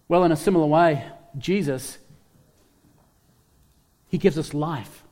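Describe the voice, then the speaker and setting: High-voiced man preaching in a reverberant hall. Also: takes it slowly, long pauses, mellow. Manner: emphatic, repeats key phrases, asks the congregation questions. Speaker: pastor. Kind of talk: sermon.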